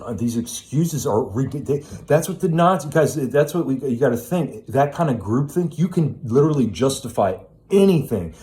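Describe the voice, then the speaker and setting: A man's voice: mid-range voice, mellow. A middle-aged man speaking in a blunt, preachy self-help monologue, swearing often. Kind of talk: casual monologue.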